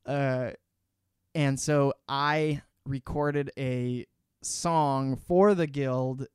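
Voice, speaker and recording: A man's voice: medium pitch, steady tone, drawn-out words, clean tone, no room sound, clean studio sound. A young man and student in casual chat with a friend, rambling and swearing casually.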